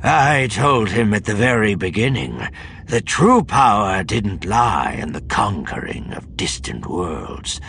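A man voicing a sinister, gloating dark Jedi master in an audiobook, speaking slowly and theatrically. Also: on the low side, very animated, creaky, a little hiss or hum, voice pushed up, full character voice. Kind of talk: audiobook narration.

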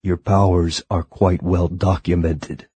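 A man voicing an educated, dignified male maître d' who speaks in a low, measured, formal way. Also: level tone, warm tone, slightly rough, heavily acted. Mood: urgent, stern.

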